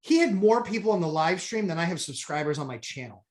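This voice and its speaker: A woman telling a story with animated exasperation, an investor chatting on a podcast. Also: lowish voice, fast talker. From New Hampshire, USA. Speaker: real estate investor, co-host. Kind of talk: casual podcast chat.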